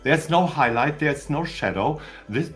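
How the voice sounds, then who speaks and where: A man's voice: on the high side, expressive, unhurried, fairly bright tone, faint music behind. A man with a German accent, hosting a casual live stream for his channel, rambling, stammering and chatting cheekily with his viewers. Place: home in Austria.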